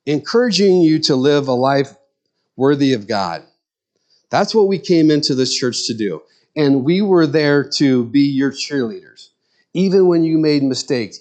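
This middle-aged pastor has a fairly high, darkish voice. His sermon is earnest and conversational, built around stories from his own life.

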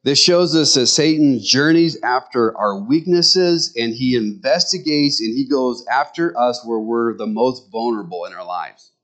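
A man's voice: mid-range voice, measured pace, a bit bright. Man preaching a casual, joking sermon. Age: middle-aged. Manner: conversational, joking asides to the congregation. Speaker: pastor.

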